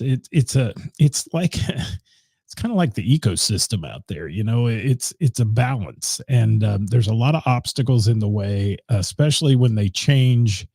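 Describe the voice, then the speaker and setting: Gravelly-voiced man hosting a casual show. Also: mid-range voice, warm tone, no room sound, studio quality. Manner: rambling, filler-heavy, chatting with commenters. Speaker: radio show host. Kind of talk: casual live-stream chat. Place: home studio.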